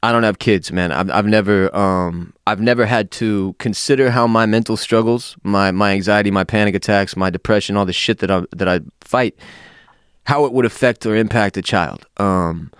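A man's voice: fairly low pitch, moderate pace, clear, resonant tone, no room sound, studio quality. A man hosting a podcast, frank and open, swearing freely with many hesitant fillers in candid casual talk. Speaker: podcast host.

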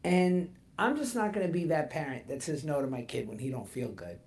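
A man in his thirties co-hosting a casual podcast, telling animated stories and laughing as he goes. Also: fairly high pitch, a little fast. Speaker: podcast co-host. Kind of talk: casual chat, storytelling.

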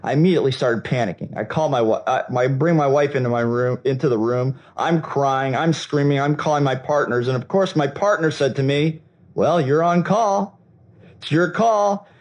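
A man giving a storytelling talk at a seminar, animated and acting out the dialogue, with frequent restarts. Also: mid-range voice, fairly quick, few pauses, low-quality recording. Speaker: seminar speaker.

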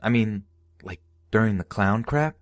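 A man's voice: lowish voice, a little slow, no room sound, studio quality, voice pushed up, natural voice. A man voicing a young red-haired man asking a casual, wary question. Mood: curious.

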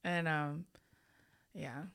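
Young woman, podcast co-host, slightly low voice, animated, giggly, casual delivery. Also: very slow, vocal fry, clear, resonant tone. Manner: animated, giggly, reads listener picks. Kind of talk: casual chat.

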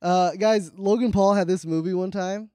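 A man co-hosting a comedy podcast, joking and animated, laughing often. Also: sits high, moderate pace, no room sound, studio quality. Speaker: podcast co-host. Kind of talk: casual comedic chat.

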